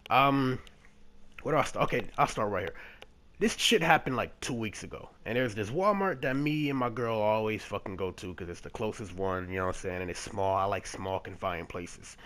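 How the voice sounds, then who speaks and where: A man from Detroit telling a story to the camera in a casual, profane, animated vlog style, acting out the other people's lines as he goes. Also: lowish voice. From Detroit, USA. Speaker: vlogger.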